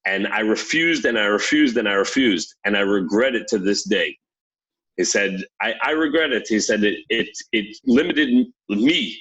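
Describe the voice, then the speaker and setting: A man's voice: on the low side, animated, normal speed, fairly bright tone, slightly rough, highs cut off. A man co-hosting a podcast, retelling a story in a thoughtful, casual way. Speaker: podcast co-host.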